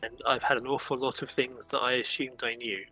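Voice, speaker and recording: Bright-voiced man playing a tabletop game. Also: mid-range voice, level tone, fairly quick, slightly rough, soft background music, low-quality recording. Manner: earnest, stammering repeats. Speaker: player. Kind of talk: tabletop role-play, in character.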